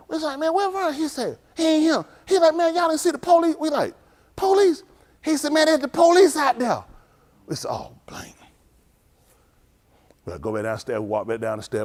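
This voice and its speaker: Animated high-voiced male preacher. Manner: animated storytelling, acts out voices, laughs. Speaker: pastor. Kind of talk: informal sermon with street stories.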